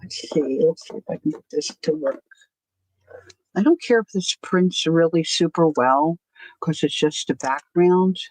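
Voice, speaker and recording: A woman's voice: deep voice, lively intonation, measured pace, darkish tone, no echo. A woman hosting a casual art journaling livestream, chatting to herself and greeting viewers by name as she works. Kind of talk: casual chat while crafting on a livestream.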